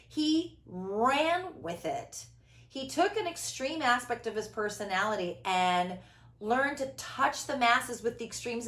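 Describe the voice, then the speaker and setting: A middle-aged woman talking loudly and dramatically, with big inflection and frequent laughs. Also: on the high side. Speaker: host. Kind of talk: casual conversation. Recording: echoey room.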